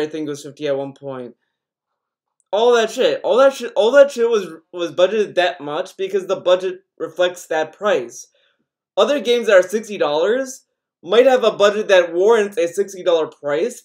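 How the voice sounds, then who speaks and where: Male podcast host, high voice, loose profane rambling, constant restarts. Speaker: podcast host reading chat. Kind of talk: casual rambling stream chat.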